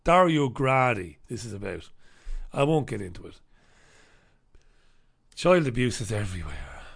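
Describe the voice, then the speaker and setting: Sarcastic ranting man, gravelly voice. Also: on the low side, sing-song, unhurried, a bit bright. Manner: sarcastic, combative, swears freely. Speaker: talk show host. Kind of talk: ranting monologue and newspaper review.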